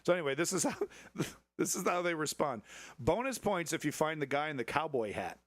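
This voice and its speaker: A man hosting a live stream, reacting to clips with sarcastic, profane commentary and now and then breaking into shrill mocking voices. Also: expressive, fairly quick. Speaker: livestream host.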